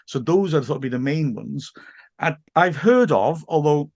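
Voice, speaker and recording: An English man, a teacher, chatting in a relaxed podcast conversation, talking at length and often laughing. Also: a little high, moderate pace, no room sound, studio quality. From England. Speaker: teacher and football guest. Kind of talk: casual podcast chat.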